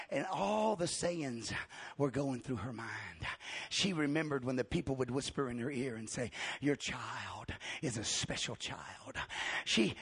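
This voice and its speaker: A male preacher tells the story in a bright, husky voice, acting out every quote. His delivery swings from shouts to near-whispers. The sound is dry and close. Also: a little high, dry recording. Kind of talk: dramatic sermon storytelling.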